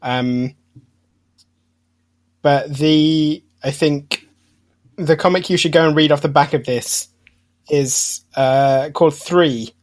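Male co-host, higher voice, easygoing, laughs readily. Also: slow pace, long pauses. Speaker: podcast co-host. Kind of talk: casual film discussion.

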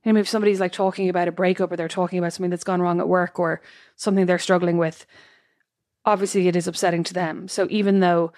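A woman's voice: lowish voice, level tone, fast talker, a little mellow, dry recording, clean studio sound. A woman co-hosting a casual chat, talking in a thoughtful, reflective way with plenty of fillers. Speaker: podcast co-host.

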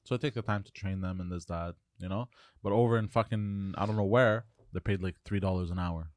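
A man's voice: sits low, steady tone, fairly quick, darkish tone, no echo. A man co-hosting a casual podcast chat, telling easygoing, profane anecdotes.

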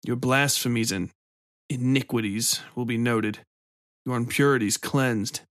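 A stern male Inquisitor, stiff and threatening in his speech, voiced by a man narrating a story. He sounds indignant and rigid, at a middling male pitch, recorded dry and close. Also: steady tone, a little slow, fairly bright tone, no echo, natural voice.

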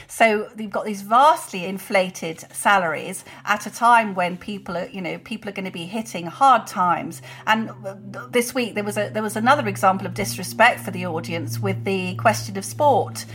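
A woman's voice: medium pitch, moderate pace, few pauses, a bit bright, breathy edge. A woman in her sixties, co-hosting a political podcast and speaking in an indignant, opinionated way. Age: 60s. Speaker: co-host. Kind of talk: casual political podcast chat.

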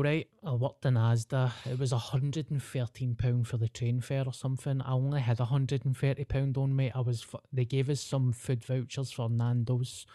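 A man's voice: mid-range voice, mellow, dry recording, clean studio sound. A young man with a Glaswegian accent, co-hosting a podcast and telling a story in casual chat, swearing freely and laughing through it. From Scotland. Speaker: podcast host.

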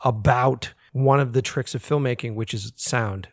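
American man, filmmaker, casual podcast chat, animated and profane, mid-pitched voice, dry close sound. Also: normal speed, no echo. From United States. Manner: animated, swearing, laughs often. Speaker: filmmaker guest.

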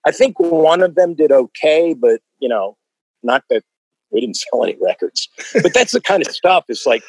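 A man with a husky, lively voice and a dry, close sound talks casually about his years running a label. He reacts warmly and laughs easily. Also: a little high, normal speed, no echo, poor audio. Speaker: former record label executive. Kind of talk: casual conversation.

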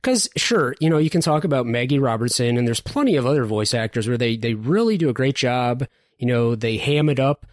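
Animated male podcast host. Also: mid-range voice, a little fast, no room sound. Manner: animated, enthusiastic, hands off turns. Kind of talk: casual game awards chat.

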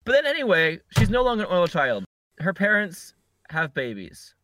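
A man's voice: high voice, huge pitch swings, normal speed, sharp tone, no echo. A man co-hosting a podcast, recapping a movie in a rambling, joking way with many restarts. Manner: rambling, self-correcting recap with wry jokes. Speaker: podcast co-host. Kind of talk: casual chat.

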